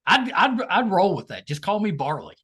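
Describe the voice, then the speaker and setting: A man's voice: high-pitched, normal speed, breathy edge. A man hosting a podcast, chatting casually and joking with his guest. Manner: lively, joking, laughs easily. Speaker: podcast host. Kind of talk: casual interview chat.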